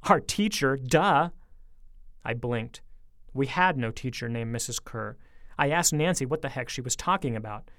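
A man's voice: mid-range voice, moderate pace, no echo, studio quality. Man reading a story aloud. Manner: lively storytelling, speeding up in tense moments. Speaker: audiobook narrator. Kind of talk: expressive audiobook reading.

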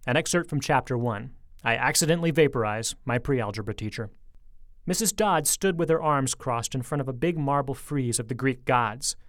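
A man's voice: medium pitch, normal speed, no room sound, studio quality. Man reading a story aloud. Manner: lively storytelling, speeding up in tense moments. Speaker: audiobook narrator. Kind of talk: expressive audiobook reading.

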